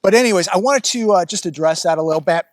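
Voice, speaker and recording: Vlogging outdoors on a rural ranch, a man rambles bluntly in casual commentary and breaks off to scold his dog, using a phone or camera he adjusts himself. He has a high voice and talks fast, and the recording is dry and studio quality.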